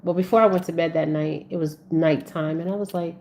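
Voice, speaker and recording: A woman's voice: low-pitched, steady tone, fairly quick, hardly any pauses, a little mellow, slight background noise. A woman giving a rambling spiritual talk in a casual monologue, checking in with "okay?" again and again. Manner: rambling, repeats "okay?" often. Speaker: spiritual speaker.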